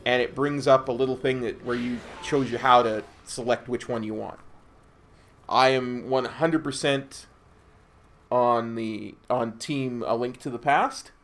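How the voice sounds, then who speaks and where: A man's voice: mid-range voice, steady tone, a little slow, fairly bright tone, slight background noise. A man streaming a game, chatting casually with his viewers in a laid-back, rambling way. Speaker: gaming streamer. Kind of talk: casual gameplay chat.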